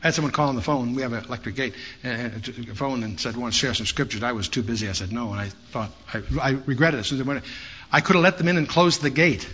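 A man's voice: medium pitch, fast talker. A man teaching a Bible study in a conversational way, with storytelling asides. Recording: dull lo-fi sound with faint hiss.

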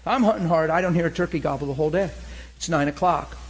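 A man in his forties, a preacher telling hunting stories in a lively, laughing sermon style. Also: a little high, fast. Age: 40s. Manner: animated, laughing storyteller. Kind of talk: sermon storytelling.

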